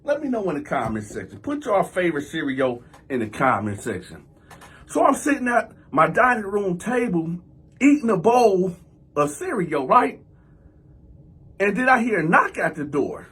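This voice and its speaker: A man telling a story on his vlog in a very husky, raspy voice that sits high and swings lively. He talks loosely and acts out the action with sound effects. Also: moderate pace. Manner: animated, conversational, acts out scenes with sound effects. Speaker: channel host telling a personal story.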